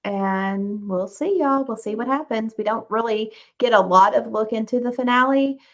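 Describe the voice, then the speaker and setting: A woman's voice: fairly high pitch, normal speed. A young woman co-hosting a casual recap chat, easygoing and agreeable. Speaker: podcast co-host.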